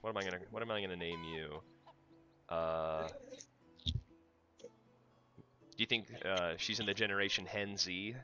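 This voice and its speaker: Sharp-toned, teasing American streamer man. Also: deep voice, fairly even intonation, normal speed, long pauses, muffled recording, soft background music. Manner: teasing, joking banter. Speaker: livestreamer. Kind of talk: casual chat while gaming.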